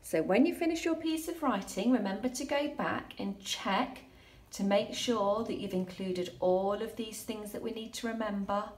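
A woman teaching a recorded lesson to young children, speaking slowly and clearly, reading her examples aloud with drama. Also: medium pitch, a little mellow. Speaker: primary school teacher. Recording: echoey room.

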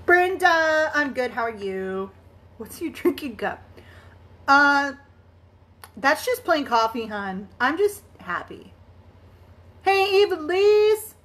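A woman's voice: high voice, very animated, slow, long pauses, fairly bright tone. A woman hosting a casual live stream while she crafts. She chats in a bubbly way, greets viewers by name and laughs often.

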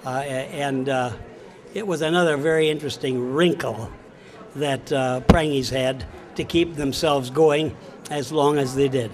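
An older man from Wisconsin, recalling his old store job with folksy, unhurried anecdotes for a local audience. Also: medium pitch, steady tone, background noise. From Wisconsin, USA.

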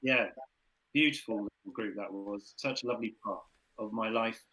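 A man's voice: on the low side, moderate pace, bright, forceful tone, rough recording. An English man in a folk group chatting casually on a livestream, rambling and hesitant with many ums. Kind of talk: casual chat. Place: home livestream.

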